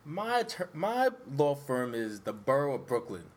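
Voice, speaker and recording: A man's voice: medium pitch, a little slow, crowd noise. A man ranting and joking in casual sports podcast banter. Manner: animated ranting, joking slang. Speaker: podcast co-host.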